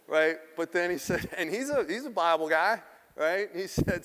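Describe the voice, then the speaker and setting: A middle-aged man from South Philadelphia delivers a keynote with lively, profane storytelling. His voice sits a little high and comes through clean and smooth. A long hall reverb trails behind him in the large venue. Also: fairly quick. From South Philadelphia, USA. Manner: animated, profane, acts out quotes. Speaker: keynote speaker.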